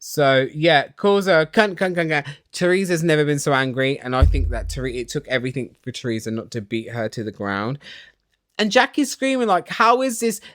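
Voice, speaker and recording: A man ranting excitedly while recapping reality TV in a small home studio, swearing and dramatic. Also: medium pitch, moderate pace, no room sound.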